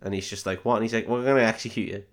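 A man's voice: lowish voice, fairly even intonation, very fast. A man hosting a podcast, casually recapping a film with swearing, jokes and mocking voices for the characters. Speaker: podcast host.

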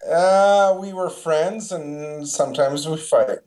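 A man's voice: a little high, slow, darkish tone. A man appearing as a guest on a casual podcast, answering upbeat and brief. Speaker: guest player.

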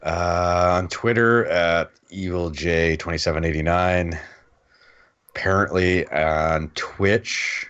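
Man, very low voice, podcast guest, laid-back, hesitant, lo-fi audio. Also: fairly even intonation, slow, fairly bright tone, smooth. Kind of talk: casual podcast chat. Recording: slightly dull lo-fi audio.

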